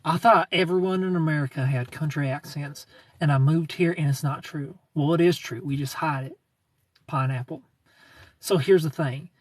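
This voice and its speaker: A man's voice: on the high side, normal speed, no room sound, far from the mic. A man in his thirties hosting a casual livestream and answering viewers' comments, rambling, restarting sentences and chuckling often.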